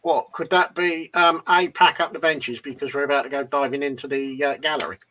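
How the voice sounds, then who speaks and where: A man's voice: on the high side, fairly even intonation, fairly quick, pushed and bright. A man co-hosting a hobby livestream, chatting casually and hesitantly with several restarts. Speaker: livestream co-host. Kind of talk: casual chat.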